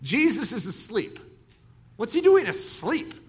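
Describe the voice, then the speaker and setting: A man's voice: extremely high pitch, measured pace. A man preaching a sermon, telling stories and acting out the voices of the people in them. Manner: animated storytelling, acts out dialogue.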